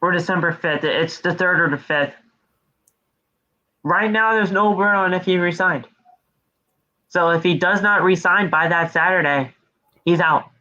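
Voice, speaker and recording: High bright guy swearing his way through a wrestling recap, kinda lo-fi sound. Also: unhurried, long pauses. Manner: profane, animated play-by-play recapping. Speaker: podcast co-host. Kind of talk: casual wrestling recap chat.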